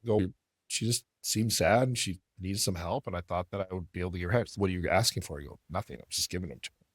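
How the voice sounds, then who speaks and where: A man with a low voice talks quickly and loosely, rambling through a story with plenty of swearing. The sound is dry and close, with no room around it. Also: husky, no echo. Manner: fast, rambling, profane. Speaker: podcast host. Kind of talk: casual storytelling.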